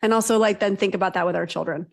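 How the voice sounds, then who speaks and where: A woman's voice: mid-range voice, steady tone, very fast, vocal fry, no room sound. A woman therapist speaks as a podcast guest in a direct, emphatic way, often ending points with "right?". Her voice is recorded close and dry, with no room sound. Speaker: psychotherapist guest. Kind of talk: podcast conversation.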